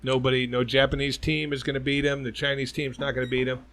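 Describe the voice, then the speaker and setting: A man's voice: medium pitch, flat delivery, quick pace, fairly bright tone, a little hiss or hum. A man co-hosting a casual podcast, swearing freely and telling jokes and stories. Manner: profane, storytelling, joking. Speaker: podcast co-host.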